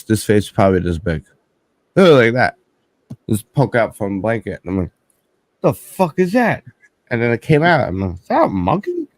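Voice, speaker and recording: A low-voiced man hosting a casual group chat, rambling through crude, profanity-laced stories. His voice sits fairly deep and sounds close and dry, with no room around it. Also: dry recording. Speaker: host.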